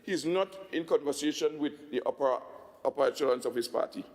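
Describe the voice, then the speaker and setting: A man with a Tobagonian accent giving a budget speech in a legislative assembly, emphatic, slowing down to stress figures. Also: a little high, a little mellow, in a large hall. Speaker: assembly secretary.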